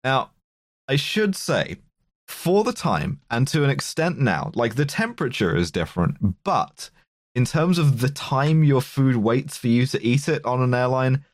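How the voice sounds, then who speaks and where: A man's voice: medium pitch, very animated, unhurried, no room sound, clean studio sound. A man presenting slides on a casual podcast, explaining food poisoning with nerdy, jokey rambling and frequent ums.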